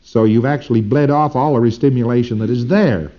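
A man's voice: medium pitch, a little fast. A man giving an informal recorded lecture in a rambling way, often tagging his points with "see?", on a dull old lo-fi tape.

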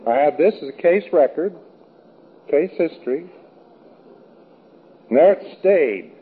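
A man's voice: a little high, lively intonation, takes it slowly. A man giving an informal lecture in a wry, rambling, anecdotal way. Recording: thin phone-like old recording.

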